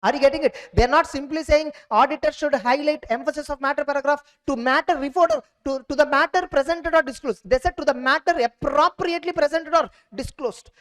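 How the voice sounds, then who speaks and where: A man giving an exam revision lecture on auditing, repeating points and checking "clear?" with students. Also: very high voice, a little fast, few pauses, a bit bright. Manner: repetitive, quizzing students with "clear?".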